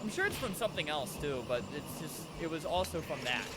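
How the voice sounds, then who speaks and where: High, lively young-sounding gamer guy. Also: background noise. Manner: excitable, yells at other players, quick jokey asides. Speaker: gaming video creator. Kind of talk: live gameplay commentary. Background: faint game music.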